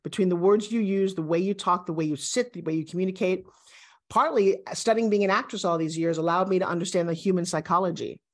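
A woman in her sixties, a guest, talking in an emphatic, animated and self-assured way in a motivational interview. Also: lowish voice, quick pace. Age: 60s.

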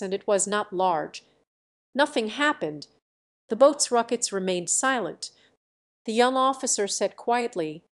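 A woman narrating an audiobook in a steady, measured reading voice. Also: mid-range voice.

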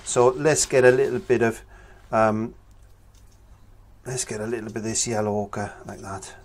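Fairly low in pitch with fairly even intonation, this man speaks at normal speed while leading a painting tutorial. He's casual and chatty, filling pauses as he thinks aloud over his work, with slight background noise in the recording.

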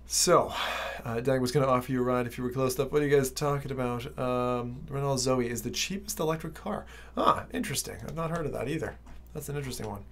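A man's voice: medium pitch, fast talker, a bit bright. A man, a VR streamer telling trip stories in a casual, rambling vlog full of fillers. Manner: rambling storytelling with many fillers.

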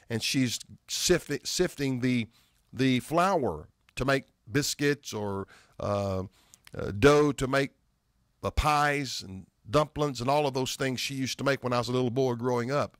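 A middle-aged man preaching a sermon, quoting scripture and slowing down hard on key words for emphasis. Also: medium pitch, fairly bright tone, no echo, studio quality.

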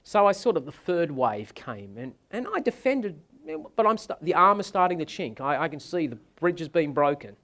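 Animated male sales trainer. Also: a little high, moderate pace, hardly any pauses. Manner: animated storytelling, dramatic. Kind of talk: seminar talk with anecdotes.

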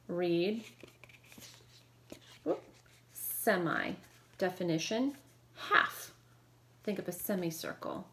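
Low-voiced woman teaching phonics. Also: lively intonation, fairly bright tone. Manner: brisk drill prompts with quick praise. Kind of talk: phonics lesson.

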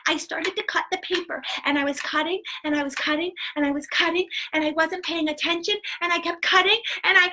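Lady putting on a tiny girl voice, super high and bright, giggly and dramatic, squeals then whispers. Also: steady tone, a little fast, hardly any pauses. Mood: chatty. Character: chatty little girl with very long hair. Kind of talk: children's storytelling live stream.

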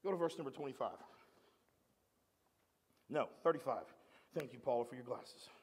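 A man preaching a sermon as pastor, animated, swinging from shouting to quiet asides. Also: medium pitch, normal speed, big-room sound, a little hiss or hum. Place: church sanctuary.

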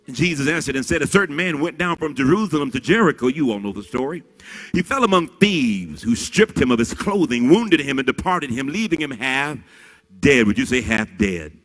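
A man's voice: medium pitch, lively intonation, normal speed, fairly bright tone. A man preaching a sermon as pastor, reading scripture dramatically with varied emphasis. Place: large church sanctuary. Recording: reverberant church hall with faint music.

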